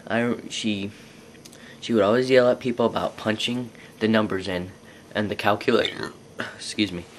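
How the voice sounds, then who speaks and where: A man's voice: fairly low pitch, a little hiss or hum. A young man telling personal stories to camera in a rambling, casual way. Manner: rambling, lots of fillers and restarts. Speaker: vlogger.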